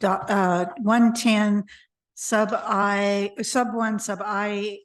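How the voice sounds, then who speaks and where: A hoarse woman who is losing her voice chairs a city council meeting from the chamber. She reads out the procedural wording at a slow, deliberate pace, in a voice of middle pitch. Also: level tone, far from the mic. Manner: deliberate, reads out legal citations.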